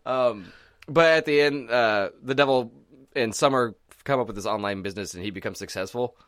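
A man's voice: mid-range voice, fairly quick, no room sound, clean studio sound. A man in casual chat, retelling scenes with frequent laughter. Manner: laughs often, animated retelling.

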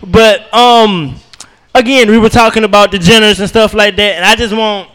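A man's voice: high voice, fairly even intonation, normal speed, fairly bright tone, big-room sound. A man doing a rambling, profane stand-up set at an open mic night. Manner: loose, profane, rambling storytelling with y'all. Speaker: stand-up comedian. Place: comedy club open mic.

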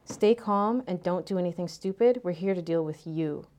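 A woman voicing a curt, commanding male robber leader who gives flat, terse orders. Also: high-pitched, moderate pace, natural voice.

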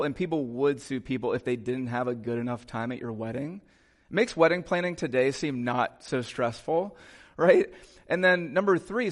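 A male pastor preaching a sermon in a conversational way, with quick asides to the congregation in a church. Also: medium pitch. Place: church sanctuary.

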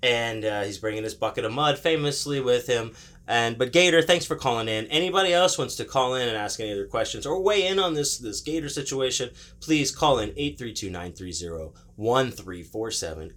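Bright-voiced, animated podcast host man. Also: medium pitch. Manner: animated, rambling, joking. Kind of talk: casual podcast chat.

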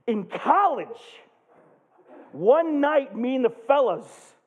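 A man in his thirties preaching, telling a funny camp story with excitable, jokey energy and loud bursts. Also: very high-pitched, slow pace. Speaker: pastor. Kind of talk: animated sermon storytelling. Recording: tinny phone-like sound.

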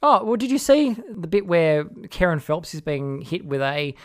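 A man with an Australian accent, co-hosting a casual political chat in a sardonic, animated way. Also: a little high, moderate pace. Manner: sardonic, animated, mocking voices of opponents. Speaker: podcast co-host.

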